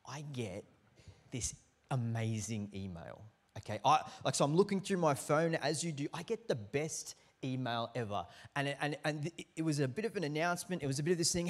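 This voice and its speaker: Animated preacher telling a story. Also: male voice, a little high, moderate pace. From Australia. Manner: animated storyteller acting out quotes, lively swings in loudness. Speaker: pastor. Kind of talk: storytelling sermon.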